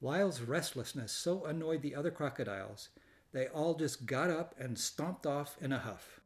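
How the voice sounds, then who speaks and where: A man narrating a children's storybook in a gentle, measured way. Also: on the high side, lively intonation. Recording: reading over loud background music.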